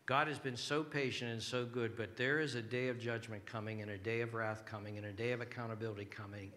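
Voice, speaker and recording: Impassioned preacher man, bright voice. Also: mid-range voice, steady tone, fast, few pauses. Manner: impassioned preaching, swinging from hushed whispers to shouted pleas. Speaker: pastor. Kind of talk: sermon.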